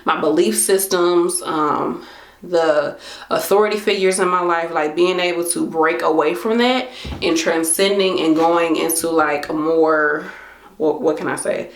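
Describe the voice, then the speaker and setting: A woman's voice: low-pitched, unhurried, echoey room. A woman in her late twenties talking casually to camera, chatty and slangy, acting out her own thoughts. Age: late 20s. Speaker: vlogger.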